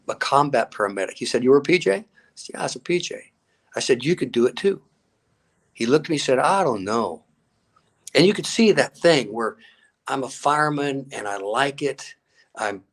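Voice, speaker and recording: A man's voice: mid-range voice, vocal fry. An older man, a grandfather and coach, telling stories in an interview with energy and acting out both sides of conversations. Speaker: guest, fitness coach. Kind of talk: animated storytelling in an interview.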